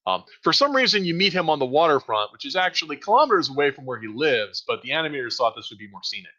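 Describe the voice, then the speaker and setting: Bright rambling game master man. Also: a little high, big pitch swings, quick pace, dull audio. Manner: rambling, hedging, dryly sarcastic. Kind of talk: narrating a tabletop game.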